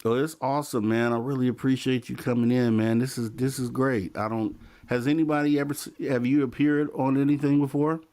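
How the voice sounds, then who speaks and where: Male late-night call-in host, easygoing and repetitive, mid-pitched voice. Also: steady tone, brisk, hardly any pauses, a little mellow. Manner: laid-back, repeats himself.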